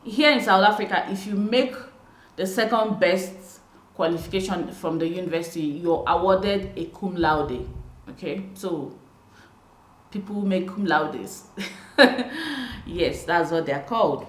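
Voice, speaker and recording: A woman's voice: on the low side, measured pace. Chatty Nigerian woman in an echoey room. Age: young adult. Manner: chatty, animated, laughs often. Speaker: vlogger. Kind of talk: casual explainer vlog.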